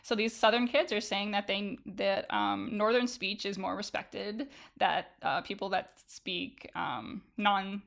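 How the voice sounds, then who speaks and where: A woman hosts a podcast and explains research in an engaged, conversational way. Her voice is bright and forceful at a middle pitch. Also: steady tone, a little slow, vocal fry, few pauses. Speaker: podcast host. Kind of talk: casual interview talk.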